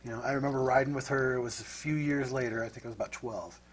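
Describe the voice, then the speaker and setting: A man's voice: mid-range voice, steady tone, quick pace, slight background noise. A middle-aged man from Nebraska telling stories as an interview guest, rambling and reflective, often tagging his sentences with a question. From Nebraska, USA. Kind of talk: casual storytelling.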